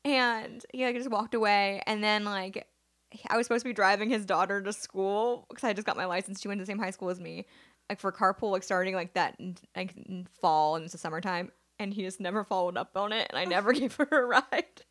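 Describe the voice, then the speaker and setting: A woman's voice: medium pitch, a little fast, fairly bright tone. A young woman from the Seattle area, co-hosting a casual chat and telling rambling stories full of "like". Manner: rambling storyteller, lots of likes, laughs through stories.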